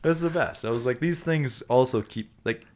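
A man's voice: medium pitch, normal speed, darkish tone. A Canadian actor, a man, chatting as a podcast guest and telling rambling, profane stories full of restarts. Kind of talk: casual storytelling chat.

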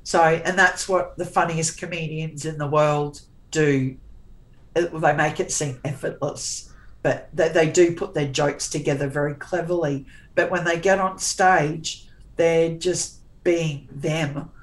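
A forthright woman in her forties talks as an interview guest, with a notably low, deep voice. She is sarcastic and plain-spoken, often starting a phrase twice before carrying on. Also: fairly even intonation, measured pace, rough recording. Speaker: guest author. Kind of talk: candid interview chat.

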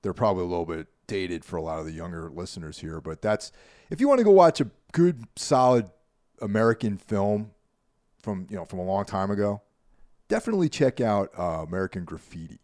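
A man with a New York accent, co-hosting a podcast in a laid-back, rambling way that trails off quietly. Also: deep voice, lively intonation, brisk, dry recording, clean studio sound. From Carmel, New York. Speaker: podcast co-host. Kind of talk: casual chat.

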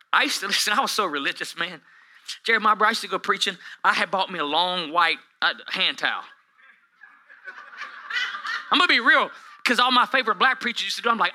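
A man in his forties preaches to a live congregation, his voice pitched high and very bright, almost sharp. He moves from hushed asides to shouted peaks and tells self-deprecating stories with a joking edge. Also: animated, brisk, long pauses, a little hiss or hum, poor audio. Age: 40s. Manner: humorous, self-deprecating storytelling. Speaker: pastor. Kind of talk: sermon. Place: church hall with a live congregation.

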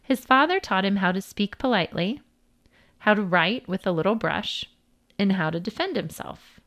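A woman narrating children's stories and facts in a clear, deliberate, sing-song reading style. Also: mid-range voice, lively intonation, a bit bright. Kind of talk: children's storytelling and fact narration.

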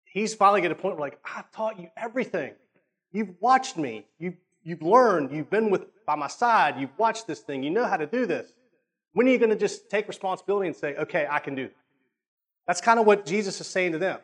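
Slightly high-voiced male preacher. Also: expressive, brisk, a bit bright. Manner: conversational, checks in with listeners, repeats words. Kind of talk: sermon.

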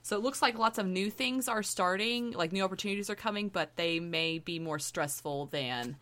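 A woman's voice: medium pitch, moderate pace, a bit bright. A woman co-hosting a podcast, chatting playfully about tarot and teasing her co-host.

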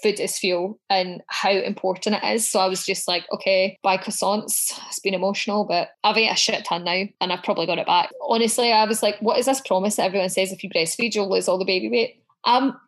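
A woman's voice: mid-range voice, steady tone, brisk, hardly any pauses. A woman talking as a podcast guest in casual chat. She tells her stories with lots of energy, swears freely and acts out her own quotes.

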